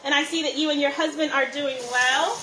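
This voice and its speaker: Woman, high voice, chatty live cooking host, greets viewers, phone mic, echoey kitchen. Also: steady tone, fairly quick, background noise. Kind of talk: live cook-along chat.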